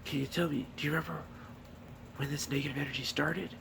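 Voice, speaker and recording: A man's voice: fairly high pitch, fairly even intonation, quick pace, gravelly, noisy background. A man voicing an awkward, overly apologetic guy in a group session. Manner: overly apologetic, then blunt.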